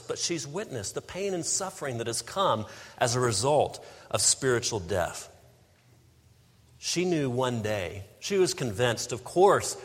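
A man preaching a sermon, building to emphatic bursts and dropping into slow, weighty pauses. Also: mid-range voice. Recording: long hall reverb.

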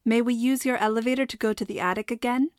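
A woman's voice: fairly high pitch, fairly even intonation, fast, dry recording, studio quality, voice pushed up, lightly acted. A woman voicing a curious, rule-minded schoolgirl who asks earnest questions.

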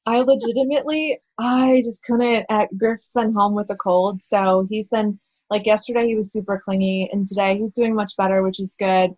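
A woman's voice: mid-range voice, steady tone, normal speed, hardly any pauses, darkish tone, dry recording. A woman in her thirties chatting casually over a video call, telling candid stories with frequent laughs. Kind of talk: casual chat.

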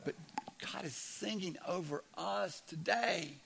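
A man in his fifties preaching a sermon as a pastor, earnest, dropping to a hush and then rising loud, often repeating his words. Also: sits high, a little slow, gravelly, noisy background.

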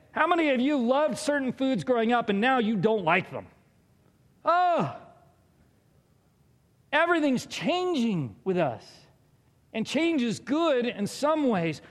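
A man in his thirties preaching a sermon in a conversational, animated way, acting out little quotes as he goes. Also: very high voice. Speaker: pastor. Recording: long reverb of a large hall.

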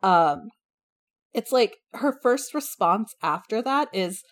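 A woman's voice: mid-range voice, slow pace. A woman co-hosting a casual book discussion, talking frankly and with slang, and acting out the characters' lines. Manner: animated, frank, slangy, acts out quotes.

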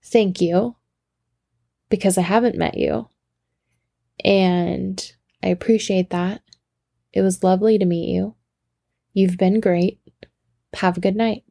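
A woman's voice: medium pitch, steady tone, slow pace, gravelly, long pauses, mellow, no room sound, clean studio sound. A woman voicing an American woman faking a thick British accent, overly polite and insistent in her denials. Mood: sweetly polite. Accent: put-on British.

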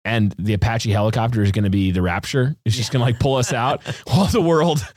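A man co-hosting a podcast talks with lively energy and reaches for vivid comparisons. His voice sits at an ordinary middle pitch. The sound is close and dry. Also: fairly quick, dry recording. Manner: animated, laughs often, uses vivid analogies. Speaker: podcast co-host. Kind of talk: casual discussion.

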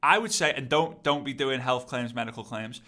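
A man coaching on content creation in an energetic, repetitive, rallying teaching monologue. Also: medium pitch, moderate pace.

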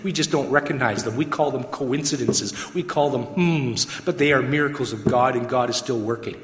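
A man's voice: medium pitch, normal speed, a bit bright. A man giving an emotional testimony to an audience, acting out the dialogue as a dramatic storyteller. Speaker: gospel mission worker giving testimony. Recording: echoey hall with long reverb.

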